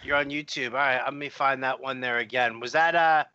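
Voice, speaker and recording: A man's voice: mid-range voice, fairly even intonation, a little fast, bright, forceful tone, clean tone, no echo. A man co-hosting a live fantasy football stream, giving picks casually and teasing his colleagues. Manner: jokey, teasing banter. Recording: dry, slightly dull lo-fi audio.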